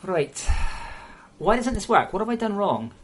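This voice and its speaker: A woman's voice: mid-range voice, big pitch swings, normal speed, soft background music. A woman game developer chatting bluntly and swearing freely while she streams live coding, muttering to herself over the code.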